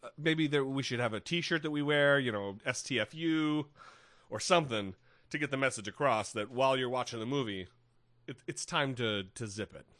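A man's voice: mid-range voice, normal speed, fairly bright tone, dry recording. A man co-hosting a podcast in casual chat, wry and rambling, swearing freely and restarting his sentences. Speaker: podcast co-host.

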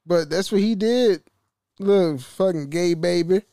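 Casting: young male podcaster, slightly high voice, loose profane rambling, dry close sound. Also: measured pace, mellow, clear, resonant tone, no echo. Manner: rambling, profane, laughs often, restarts. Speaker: podcast host. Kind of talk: casual solo podcast rant.

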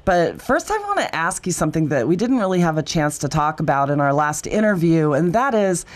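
Low-voiced woman hosting a show. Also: sing-song, brisk. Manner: polished, read-aloud delivery. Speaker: podcast host. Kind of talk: scripted introduction and interview questions.

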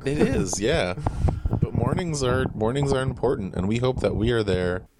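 A man co-hosting a casual podcast, delivering deadpan jokes and giggling. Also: mid-range voice, moderate pace, very noisy. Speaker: podcast co-host. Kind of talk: casual comedic chat.

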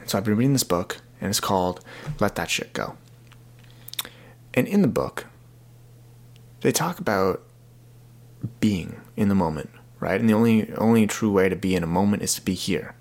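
A man's voice: fairly low pitch, lively intonation, moderate pace, long pauses, a little mellow. A young man hosting his own podcast in a casual, rambling, earnest way, often repeating words as he talks. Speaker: podcast host. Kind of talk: casual solo podcast talk.

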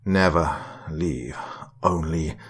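A man voicing a cruel, disembodied voice that speaks in slow, broken, whispery phrases. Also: a bass voice, breathy edge, exaggerated voice. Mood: cruel taunting. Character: menacing disembodied voice in a man's head, cruel.

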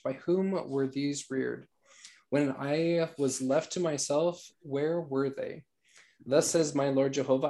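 A man leading an online scripture study group, talking in a relaxed, halting way with fillers and reading passages aloud. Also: mid-range voice, vocal fry.

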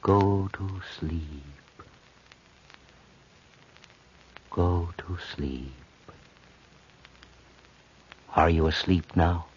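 A commanding, deep-voiced mesmerist doctor. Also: male voice, a little mellow, slight background noise. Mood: hypnotic. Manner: authoritative, slow and hypnotic when inducing trance. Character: commanding male physician and mesmerist, calm and insistent. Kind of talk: 1940s radio acting. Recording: dull lo-fi 1940s radio broadcast.

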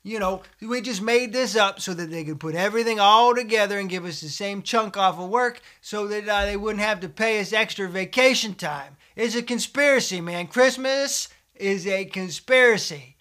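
Bright-voiced man preaching folksy comedy. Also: sits high, normal speed, hardly any pauses. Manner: folksy preacher cadence, fillers and restarts. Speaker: comedic host of a satirical show. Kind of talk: deadpan satirical preacher monologue.

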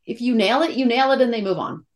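A woman's voice: a little high, expressive, fast. A middle-aged woman, an actress, talking candidly and emotionally in a casual interview, with many fillers and restarts. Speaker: actress guest.

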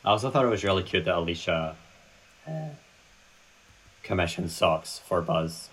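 A woman co-hosting a film podcast with a very low, husky voice. She is blunt and swears casually in easy chat. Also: normal speed, low-quality recording. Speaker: podcast co-host.

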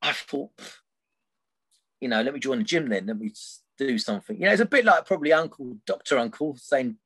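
A middle-aged man guesting on a podcast tells a personal story in a mid-range, husky, fairly bright voice with lively intonation, a little fast. He rambles with plenty of fillers and habitually adds "right?" to the end of his sentences.

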